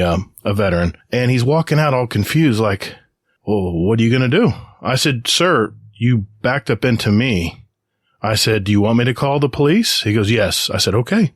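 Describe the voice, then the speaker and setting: Speaking at a medium pitch, a middle-aged American man co-hosting a podcast relates an animated anecdote in casual talk, imitating the voices of those involved. The podcast mic gives studio-quality audio with no room sound.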